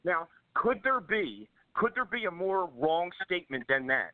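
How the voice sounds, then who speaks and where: Brief: fairly high-voiced man, aggrieved and stammering, casual talk-show guest, narrow phone-line sound. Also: very animated, unhurried, dry recording. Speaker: podcast guest. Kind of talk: casual chat.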